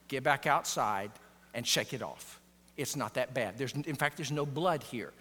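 A man speaking as a gruff father who curtly tells his crying little boy to shake it off, heard with long hall reverb. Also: medium pitch, unhurried, bright, forceful tone, voice pushed down. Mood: gruff, impatient. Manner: curt, scolding, brushing off hurt.

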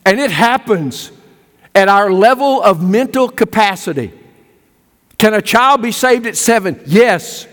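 An older male pastor preaching a sermon, swinging from loud emphatic peaks to hushed low storytelling. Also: expressive, measured pace. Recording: long hall reverb.

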